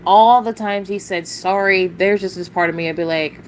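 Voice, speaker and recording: A woman's voice: mid-range voice, moderate pace, slight background noise, low-quality recording. A woman venting on a casual livestream, blunt and profane, rambling with sighs and short laughs.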